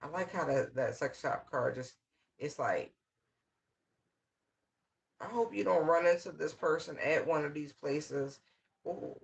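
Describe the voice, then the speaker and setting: A man's voice: on the high side, measured pace, creaky, pauses often. A man giving a casual, channeled tarot reading in loose, slangy, rambling talk full of fillers. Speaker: tarot reader.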